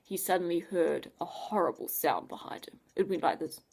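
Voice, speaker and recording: A woman reading a children's adventure story aloud, expressive, with hushed whispers and playful explanations. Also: on the low side, moderate pace, creaky, breathy edge.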